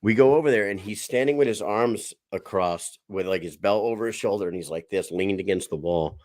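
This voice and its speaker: A man's voice: fairly low pitch, fairly quick, darkish tone, no room sound, studio quality. A man co-hosting a sports podcast, telling rambling, profane stories and correcting himself as he goes. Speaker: podcast co-host. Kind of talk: casual sports podcast chat.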